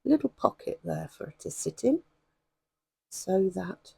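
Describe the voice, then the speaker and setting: A woman with a hoarse voice, chatting and rambling with many ums as she demonstrates stitching in a craft vlog. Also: fairly low pitch, big pitch swings, unhurried, darkish tone, dry recording. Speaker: craft vlogger.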